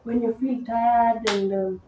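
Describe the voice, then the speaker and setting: A woman's voice: on the high side, fairly even intonation, slow pace, highs cut off. A young woman from Kenya, the host's best friend, answering and teasing in a casual chat. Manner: teasing, laughing, mixes in Swahili. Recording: echoey room, distant mic, hiss.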